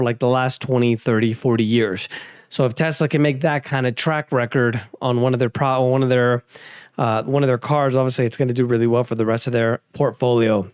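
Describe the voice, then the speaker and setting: A man's voice: mid-range voice, darkish tone, smooth, no room sound, clean studio sound. A man hosting a casual market and crypto news rundown, talking offhand with sarcastic asides and frequent restarts. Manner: frequent restarts and fillers, conversational. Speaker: host.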